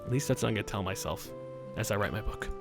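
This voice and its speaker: A man's voice: fairly low pitch, lively intonation, quick pace, music in the background. A man hosting a let's play, reading a visual novel aloud with crude, rambling joking asides.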